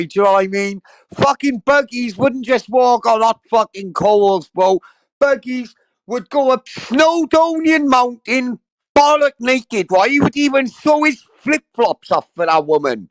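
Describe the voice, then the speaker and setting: Lively high-voiced sweary man. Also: a little slow. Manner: sweary, effusive, rambling, addresses chat directly. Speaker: livestream host. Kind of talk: casual livestream chat.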